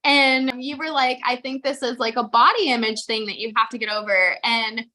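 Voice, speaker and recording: A woman's voice: a little high, moderate pace, sharp tone. A young woman co-hosting a podcast, chatting casually with lots of "like" and the odd swear word. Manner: chatty, swears freely, full of likes. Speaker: podcast co-host. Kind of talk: casual chat.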